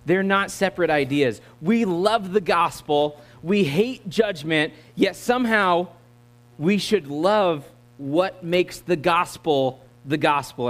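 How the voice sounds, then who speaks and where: An American man giving a sermon in a voice a little higher than most men's. His delivery is easygoing and joking, as he coaxes the congregation to join in and answer back. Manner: conversational, joking, audience-engaging. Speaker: guest preacher. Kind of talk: sermon with opening prayer.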